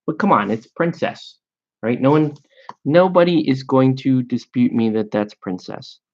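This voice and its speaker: At his hobby desk painting miniatures, a man chats casually in a medium-pitched, slightly mellow voice. He's slow, rambling, and amused with himself, and the lo-fi recording sounds dull.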